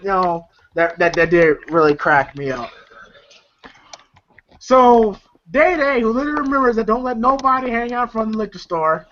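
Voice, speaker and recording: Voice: mid-range voice, a bit bright, a little hiss or hum. Rambling movie reviewer, lo-fi sound. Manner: rambling and laughing with many fillers. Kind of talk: casual movie recap. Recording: dull lo-fi recording.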